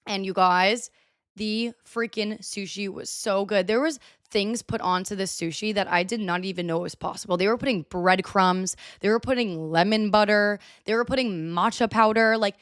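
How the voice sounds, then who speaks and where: A young woman hosting a podcast, telling a story in a chatty, animated way with lots of filler words. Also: mid-range voice, moderate pace, clean tone, no room sound, clean studio sound. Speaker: podcast host. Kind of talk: casual storytelling monologue. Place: US (Texas area).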